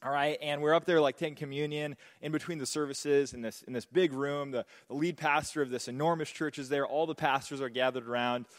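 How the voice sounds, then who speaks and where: Animated joking male preacher. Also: fairly high pitch, fairly quick, few pauses, in a large hall. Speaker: pastor. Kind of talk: sermon.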